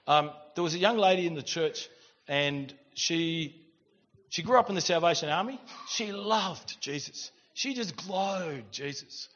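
A middle-aged man, preaching a sermon and telling stories in an animated way with quiet asides. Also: fairly high pitch, unhurried. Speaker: pastor. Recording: dull recording in a reverberant church hall.

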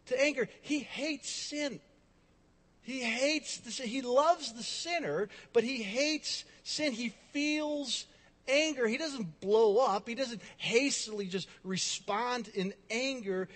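A male pastor preaching a sermon, telling a personal story and swinging between loud emphasis and quiet, drawn-out asides. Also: extremely high pitch, big-room sound.

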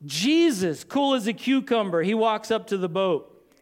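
A male pastor preaching a sermon dramatically, swinging from loud lines to hushed ones with long pauses. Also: high-pitched, expressive.

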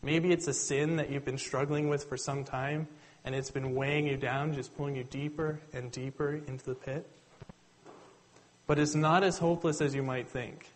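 A man preaching a sermon, retelling the story in a conversational, animated way and addressing listeners directly. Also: medium pitch, normal speed, rough recording.

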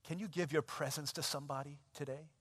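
Male pastor, sermon delivery, animated storyteller, reverberant sanctuary. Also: on the high side, fast talker, slightly rough. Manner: animated storytelling with shifts between loud and hushed. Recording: long hall reverb.

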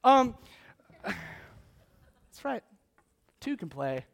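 High, gravelly-voiced pastor preaching. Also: male voice, drawn-out words. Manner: conversational and animated, with frequent restarts. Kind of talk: sermon.

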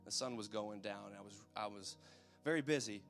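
A man's voice: fairly low pitch, fairly quick, faint music behind. A man preaching a sermon in a loose, conversational way, often checking in with his listeners.

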